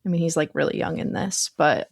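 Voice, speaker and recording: A woman's voice: low-pitched, fairly quick, gravelly, breathy edge, no room sound, studio quality. A young woman co-hosting a casual film podcast, eagerly retelling scenes she loved. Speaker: podcast co-host.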